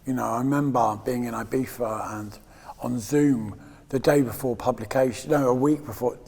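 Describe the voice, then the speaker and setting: A man's voice: mid-range voice, fairly even intonation, moderate pace, creaky, a little mellow, breathy edge, big-room sound. A man in his fifties from England, guest in a candid interview, talking in a rambling, emotional way with frequent laughs and restarts. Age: 50s.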